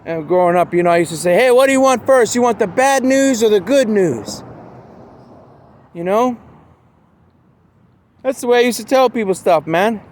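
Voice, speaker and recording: A man's voice: sits high, expressive, normal speed, pauses often, a little hiss or hum. A man talking in a rambling, meandering casual monologue outdoors, full of fillers. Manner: meandering, with constant fillers like "man" and "you know".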